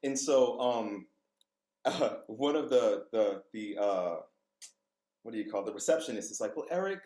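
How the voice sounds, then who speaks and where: A man's voice: fairly low pitch, fairly even intonation, unhurried, dark tone, echoey room, rough recording. A man, a vocal coach, telling candid personal stories as a podcast guest, laughing and swearing freely. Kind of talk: casual storytelling interview.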